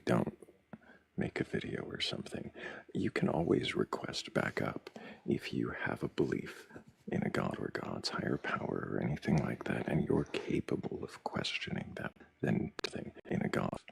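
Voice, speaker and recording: A man hosting a live debate stream, bluntly pressing a caller with questions and interrupting him. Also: no room sound. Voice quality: very deep and gravelly. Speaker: livestream host.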